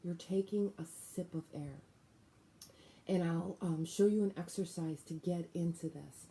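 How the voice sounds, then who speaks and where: A woman teaching a guided breathing lesson, giving calm, deliberate instructions. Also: lowish voice, creaky.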